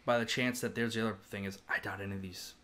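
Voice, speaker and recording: A man's voice: fairly low pitch, fairly even intonation, quick pace, sharp tone. A man co-hosting a podcast, rambling in casual chat, swearing freely and laughing often. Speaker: podcast co-host.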